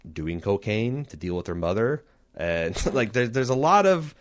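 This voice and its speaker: A man with a fairly low voice talks through a story recap in casual podcast chat. He rambles and thinks out loud, dropping swear words freely. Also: sing-song, normal speed. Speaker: podcast co-host.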